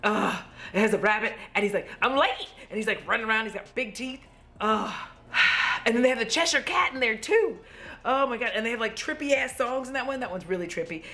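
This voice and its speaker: Tipsy, gushing woman vlogger, slightly high voice. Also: brisk. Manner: gushing, excitable, swears a lot. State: tipsy from drinking. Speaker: beauty vlogger. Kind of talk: casual makeup review vlog. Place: home.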